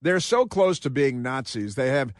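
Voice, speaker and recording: A man's voice: mid-range voice, expressive, normal speed, no echo, clean studio sound. A man hosting a political talk radio show, delivering a combative, sarcastic monologue that rambles with frequent restarts.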